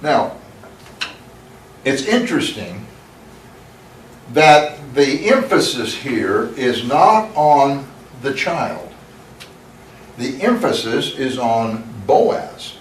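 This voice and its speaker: A man teaching a Bible lesson in a church, reading scripture slowly and emphatically, then explaining it in a conversational way with asides. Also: medium pitch, very animated, slight background noise. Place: church room. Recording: echoey room, mic at a distance.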